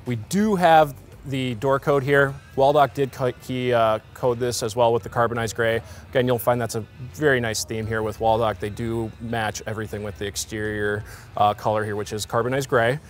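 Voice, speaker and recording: A man's voice: medium pitch, fairly even intonation, normal speed, faint music behind. An American man, a car salesman, giving an upbeat walkaround of a truck outdoors at a dealership, with frequent fillers. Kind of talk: vehicle walkaround presentation.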